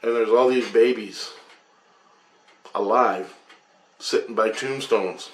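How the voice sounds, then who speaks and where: A man's voice: fairly low pitch, slow pace, slight background noise. A man telling a rambling story about his dreams, profane and agitated. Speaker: vlogger.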